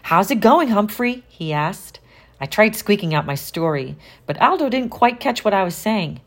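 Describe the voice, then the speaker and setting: A woman voicing a jolly, friendly male night janitor with a hearty, booming manner. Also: expressive, normal speed.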